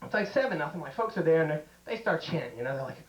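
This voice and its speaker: A man with a high voice works through a stand-up set, spinning jokey stories and jumping into raised voices to act out each scene. The sound carries the ring of an echoey room. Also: expressive, rapid-fire. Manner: jokey storytelling, acting out bits in raised voices. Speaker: stand-up comedian. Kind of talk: stand-up comedy routine. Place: comedy stage.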